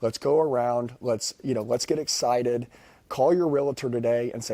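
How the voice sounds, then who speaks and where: A man making a rambling, insistent sales pitch over the phone to a customer. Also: normal speed, dark tone, dry recording. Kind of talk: high-pressure sales pitch.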